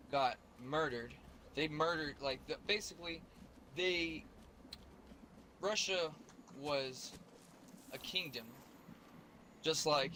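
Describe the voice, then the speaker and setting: A man's voice: medium pitch, sharp tone, a little hiss or hum. An American man chatting casually on a stream, rambling and profane, with many restarts. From United States.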